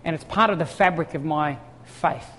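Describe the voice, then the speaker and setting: A middle-aged Australian man preaching a sermon as a story, swinging from lively to hushed. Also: fairly high pitch, moderate pace, slight background noise. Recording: long reverb of a large hall.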